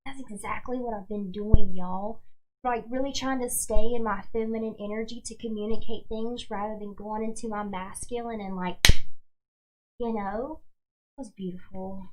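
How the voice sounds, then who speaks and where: A woman's voice: mid-range voice, fairly even intonation, normal speed, warm tone, a little hiss or hum, poor audio. A young woman hosting a casual livestream who tells stories in a chatty way, full of "like" and "y'all". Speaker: host and tarot reader.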